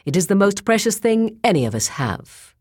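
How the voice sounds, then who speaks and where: A woman's voice: extremely low pitch, expressive, unhurried, darkish tone, no room sound, studio quality, full character voice. A woman reading the lines of a proud, two-centuries-old woman sage who gives stern, commanding warnings.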